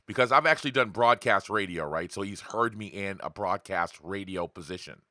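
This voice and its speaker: Brief: casual male podcast host, blunt and profane, bright forceful tone, dry close sound. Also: fairly low pitch, fairly quick, few pauses, dry recording. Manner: blunt, profane, talks straight to viewers with rhetorical questions; acts out voices of others in quotes. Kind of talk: casual unscripted monologue.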